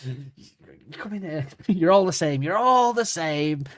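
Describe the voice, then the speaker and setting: A man's voice: fairly high pitch, lively intonation, slow pace, fairly bright tone, voice pushed up. A man voicing a sleazy, resentful man who rants in a whiny, self-pitying voice at a woman he has invited in. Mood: indignant.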